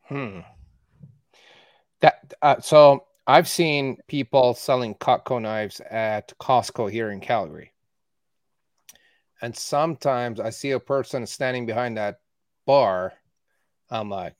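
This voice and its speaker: A mid-pitched man hosts the conversation, asking winding questions and restarting as he goes. His voice sounds close and dry, with little room around it. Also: takes it slowly, long pauses, dry recording. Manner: asks rambling questions with restarts. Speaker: podcast host, interviewer. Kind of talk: conversational interview.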